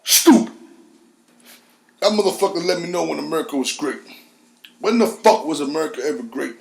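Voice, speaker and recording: A middle-aged man hosting a podcast, delivering a heated, profane solo rant that swings from low mutters to high shouts. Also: lively intonation, quick pace, creaky, echoey room. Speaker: podcast host.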